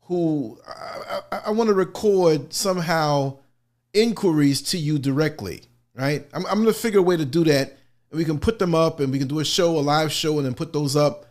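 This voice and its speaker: A man's voice: on the high side, moderate pace, darkish tone. Enthusiastic male call-in host. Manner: enthusiastic, stumbling restarts. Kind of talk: live call-in show hosting.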